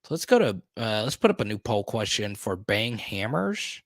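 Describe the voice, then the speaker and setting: A man's voice: on the low side, big pitch swings, moderate pace, no room sound, clean studio sound. A man hosting a live stream in casual chat, playful and teasing, with a joking repeated "huh?".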